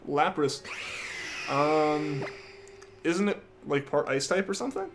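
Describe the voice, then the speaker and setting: A man's voice: fairly high pitch, expressive, takes it slowly, fairly bright tone, a little hiss or hum. A young man streaming a game, reading his chat aloud and answering viewers in a casual way.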